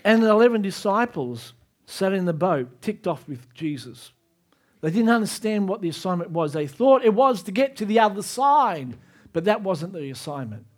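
A man preaching a sermon as pastor, moving between soft, low asides and raised, emphatic climaxes. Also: big pitch swings, moderate pace.

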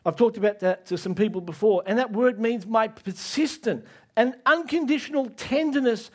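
A man preaching a sermon, emphatic, asking the audience direct questions and rising to near shouts on key lines. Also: very high-pitched, moderate pace.

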